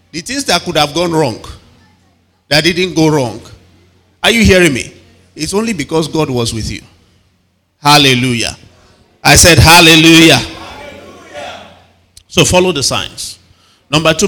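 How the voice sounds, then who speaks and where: A man's voice: medium pitch, fairly bright tone. A man preaching an evening sermon, emphatic, calling for responses and repeating his phrases. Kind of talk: evening sermon to a live and online congregation.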